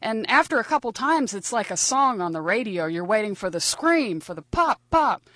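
A woman's voice: mid-range voice, expressive, normal speed, a bit bright, no room sound. A woman telling a first-person story in a wry, conversational and vivid way.

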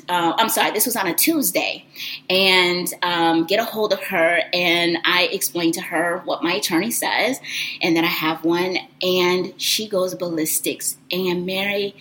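A woman telling a personal story in an animated, expressive, conversational way. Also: lowish voice, measured pace, a little hiss or hum, poor audio.

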